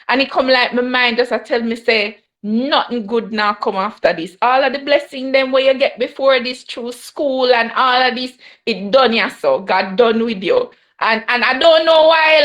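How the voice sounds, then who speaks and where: A woman's voice: fairly high pitch, fairly bright tone. A young woman with a Jamaican accent, sharing an emotional personal testimony at a Bible study and mixing patois with English. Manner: mixes Jamaican patois with English, laughs often.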